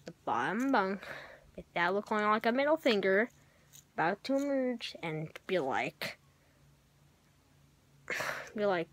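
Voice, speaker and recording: A girl vlogging from her bedroom, rambling and self-mocking, often sighing and dropping to a whisper. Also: mid-range voice. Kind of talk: rambling casual vlog to camera. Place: bedroom, on a bunk bed.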